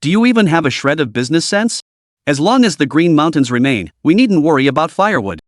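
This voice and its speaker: A woman's voice: sits low, sing-song, fast, dry recording, studio quality. A man voicing a scheming, sarcastic young woman executive in a story recap, mocking as he reads her lines. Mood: scolding. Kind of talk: recap narration role-reading.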